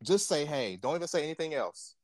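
A man's voice: mid-range voice, expressive, a little fast, a little mellow, slight background noise. A man in his twenties co-hosting a podcast, talking bluntly and emphatically with lots of swearing. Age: 20s. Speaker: podcast co-host. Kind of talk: casual chat.

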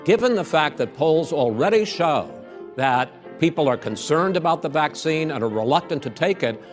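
Older guy moderating a debate, measured, keeps pressing the questions. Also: a little high, lively intonation, soft background music. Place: large debate hall.

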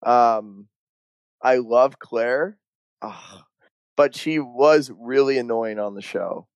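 A man's voice: medium pitch, slow pace, no room sound. Young man, podcast co-host, casual slangy chat, swears a lot, dry close sound.

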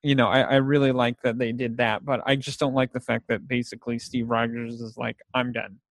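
A man's voice: mid-range voice, a little fast, dry recording. Rambling man chatting casually about films. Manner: rambling, animated retelling with laughs.

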